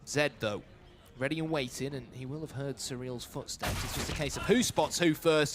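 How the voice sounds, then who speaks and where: A man giving live esports play-by-play commentary, building to shouts on big plays. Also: fairly high pitch, fairly quick, few pauses, a little hiss or hum.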